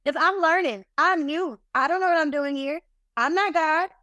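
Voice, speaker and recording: A woman guest on a podcast, telling her business lessons in an animated, emphatic, self-deprecating way. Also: sits high, normal speed, no echo, clean studio sound. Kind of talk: casual interview storytelling.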